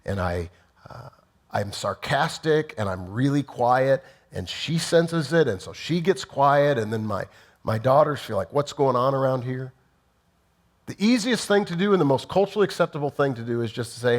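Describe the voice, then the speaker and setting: A man's voice: mid-range voice, lively intonation, normal speed. A middle-aged man, a pastor, giving an earnest, plainspoken teaching sermon and acting out sample apologies.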